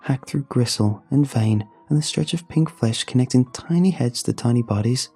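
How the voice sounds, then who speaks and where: A man's voice: medium pitch, moderate pace, mellow, breathy edge, soft background music, pitched above the performer's own voice. A man voicing a young boy possessed by a demon, with a hissing, mocking, sing-song manner. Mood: gloating menace.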